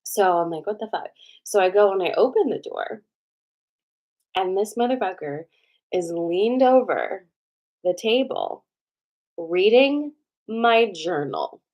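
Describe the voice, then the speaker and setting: A woman host telling a personal story to viewers in a casual, animated way, with a lot of swearing and "like" fillers. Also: medium pitch, slow, pauses often.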